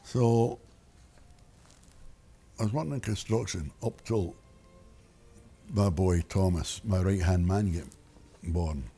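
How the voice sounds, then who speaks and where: A man's voice: deep voice, slow, long pauses, warm tone, slightly rough, soft background music. An older retired man rambling through a personal story, wry and full of restarts. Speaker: interviewee.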